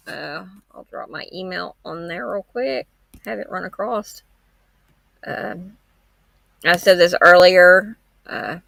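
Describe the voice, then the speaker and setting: A woman's voice: fairly low pitch, gravelly, fairly bright tone, no room sound. A woman hosting a true-crime livestream from home, rambling in a frank, homespun way. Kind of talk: casual livestream chat.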